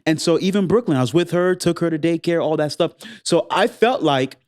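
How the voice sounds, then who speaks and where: A man's voice: a little high, a little fast, no echo, studio quality. A man co-hosting a podcast with his wife, chatting casually and playfully, acting out quotes as he tells a story. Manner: playful, animated storyteller who acts out quotes. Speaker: podcast co-host. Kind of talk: casual chat.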